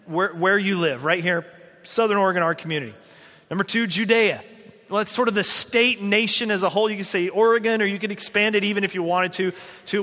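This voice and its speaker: A man preaching a sermon as pastor, lively and given to joking asides. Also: high-pitched, in a large hall. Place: church sanctuary.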